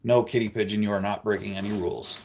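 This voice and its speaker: A man hosting a livestream, chatting casually with viewers and reading their comments out loud. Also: lowish voice, steady tone, quick pace, vocal fry, a little hiss or hum. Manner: chatty, rambling, ranting. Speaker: livestream host.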